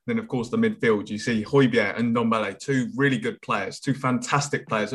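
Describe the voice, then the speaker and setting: Measured, analytical man. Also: medium pitch, fairly bright tone. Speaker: podcast co-host. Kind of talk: casual football podcast chat.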